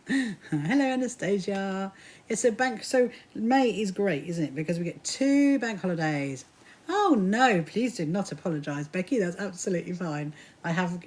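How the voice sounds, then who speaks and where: A woman's voice: lowish voice, a little mellow. Chatty woman with a Kentish-Sussex accent. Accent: Kentish and Sussex English. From south coast of England. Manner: chatty, greets viewers by name, laughs often. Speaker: livestream host. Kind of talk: casual chat while sewing.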